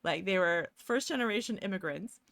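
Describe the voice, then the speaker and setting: Bright, chatty woman streamer. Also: medium pitch, expressive, brisk, gravelly, no room sound. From Toronto, Canada. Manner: rambling, jokey, laughs often. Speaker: livestream host. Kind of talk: casual livestream chat while doing pixel art. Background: faint music.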